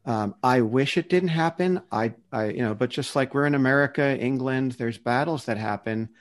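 A man's voice: mid-range voice, normal speed. A man speaking earnestly in a casual discussion, defending a Christian view and often restarting his sentences as he searches for words.

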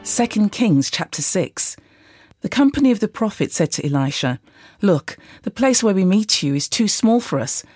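A woman reading a Bible passage aloud in a measured way, lightly voicing the quoted speakers. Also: mid-range voice, sing-song, a little mellow, husky, soft background music. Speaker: Bible reader. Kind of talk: scripted scripture reading.

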